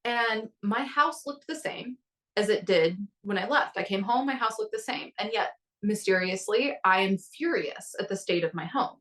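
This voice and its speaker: A woman's voice: mid-range voice, animated, moderate pace, fairly bright tone, recorded from a distance, low-quality recording. A woman in her thirties in a casual podcast conversation, telling stories animatedly and acting out her own inner voices. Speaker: guest coach.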